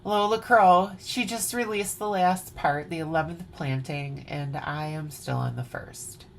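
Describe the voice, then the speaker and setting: Here the Wisconsin woman's voice is low, creaky and a little slow as she playfully chats through her cross-stitch pieces at night in her home. She has an Upper Midwest accent and sings fragments of songs now and then. Slight background noise is audible.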